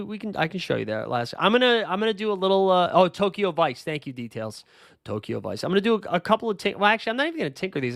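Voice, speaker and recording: A man's voice: on the high side, a bit bright, no echo, studio quality. A man hosting a fantasy sports livestream in a casual, rambling way, thinking aloud as he answers chat comments. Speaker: livestream host.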